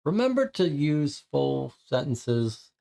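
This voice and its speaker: A man's voice: a little high, very animated, slow, vocal fry, dark tone. Man thinking aloud through a board game. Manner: thinking aloud, casual, reading text out. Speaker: streamer playing a co-op board game. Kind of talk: live game playthrough, reading cards and chat.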